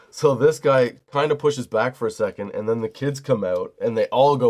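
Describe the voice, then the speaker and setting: A man's voice: medium pitch, normal speed, a little mellow. A middle-aged man hosting a comedy podcast, telling a heated, profane story as a single dad. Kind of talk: storytelling monologue.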